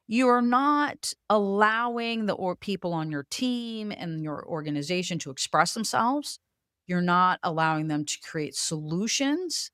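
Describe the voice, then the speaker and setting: A woman's voice: a little high, a bit bright, dry recording, clean studio sound. A woman with a light coastal Virginia accent, talking as a host in an emphatic, preachy, frank way and swearing casually as she coaches on leadership. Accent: light coastal Virginia Southern. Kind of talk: motivational talk to camera.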